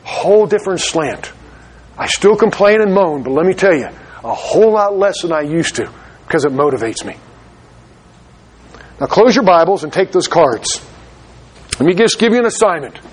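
A man preaching a sermon as pastor of his church, urgent and slowing down for emphasis. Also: sits high, lively intonation, breathy edge.

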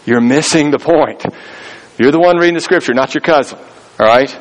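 A man's voice: on the high side, brisk, poor audio. A man preaching a sermon in a conversational storytelling way, acting out the voices of people he quotes. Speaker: pastor.

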